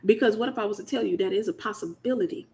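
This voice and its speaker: A woman from the United States hosts a casual Christian teaching talk, emphatic and colloquial, repeating her key phrases. Her medium-pitched voice is gravelly and darkish, delivered rapid-fire.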